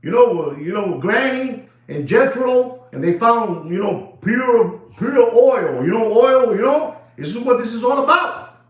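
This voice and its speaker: A watch dealer rants to the camera in a high, lively voice, repeating his points over and over and slipping into Spanish phrases. The sound is dull and lo-fi. It echoes hard off the walls of the room. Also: unhurried. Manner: animated, repetitive, switches into Spanish phrases. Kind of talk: excited casual rant to camera.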